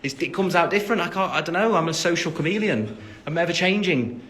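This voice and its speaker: An English guy in his 20s hosts a casual phone livestream, answering fan comments in a slightly high, animated, somewhat bright voice at a quick pace. He's chatty and rambling, full of ums, fillers, and restarts, joking and laughing at himself.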